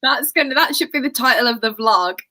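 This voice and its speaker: A woman joins a book livestream as a guest, chatting easily and laughing at herself. Her voice is high and very animated. Her tone is bright. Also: brisk. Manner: laughing, chatty, self-mocking. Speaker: guest fellow book channel host. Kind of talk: casual livestream chat.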